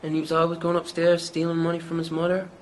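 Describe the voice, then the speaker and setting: An actor with a Newfoundland accent playing a young small-town rapper who rambles through a hazy, profane story in an interview. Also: male voice, on the high side, monotone, fast talker, a little hiss or hum, close to an everyday voice, low-quality recording. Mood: rambling. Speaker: mockumentary interviewee.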